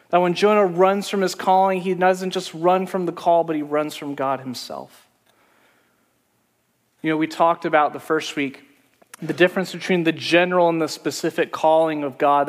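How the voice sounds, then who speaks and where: Pastor guy preaching, kinda high voice, long echo like a big hall. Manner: conversational storytelling preacher. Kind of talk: sermon.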